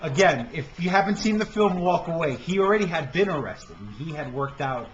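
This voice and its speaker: A man's voice: fairly high pitch, expressive, a little fast. Hesitant man on a lo-fi podcast. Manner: hesitant, stammering, lots of fillers. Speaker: podcast host. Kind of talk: casual film review chat. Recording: dull lo-fi amateur podcast recording with faint noise.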